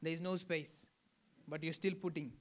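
A man's voice: on the high side, fairly even intonation, moderate pace. A man from Fiji preaching a sermon to a congregation, teaching in a conversational way and often checking in with questions. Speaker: pastor.

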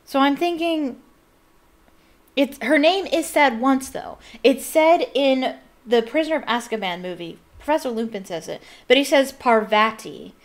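A woman's voice: high voice, lively intonation, moderate pace. A woman hosting a casual read-aloud, chatting in rambling, giggly asides. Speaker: reader and host.

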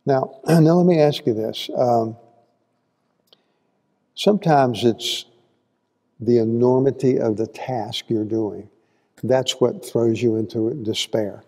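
A man's voice: mid-range voice, takes it slowly, long pauses, dark tone, big-room sound. A man teaching a conversational Bible class, folksy and asking the listeners questions as he goes. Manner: folksy, asks the audience questions, acts out quotes. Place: church hall.

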